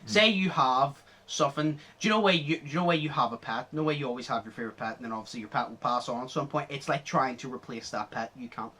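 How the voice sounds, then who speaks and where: Bright, excitable young man. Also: medium pitch, fast talker, few pauses. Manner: excitable, laughs often, swears freely. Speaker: podcast host. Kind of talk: casual podcast chat.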